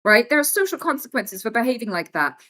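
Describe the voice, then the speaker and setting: A young woman chatting on a livestream, blunt and frank with an exasperated edge. Her voice sits fairly high and sounds bright, and it moves up and down a lot as she talks. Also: very animated, fast. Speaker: streamer. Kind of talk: casual livestream chat.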